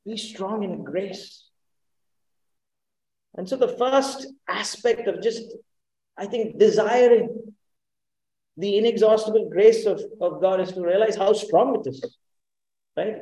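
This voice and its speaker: Earnest high-voiced preacher, echoey room. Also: male voice, animated, unhurried, pauses often, mellow. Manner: earnest, emphatic, asks the congregation questions. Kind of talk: sermon.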